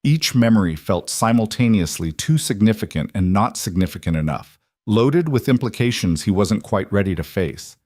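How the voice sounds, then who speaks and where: A man reading a story aloud as narrator, in an even storytelling delivery. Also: lowish voice, normal speed, dry recording, clean studio sound.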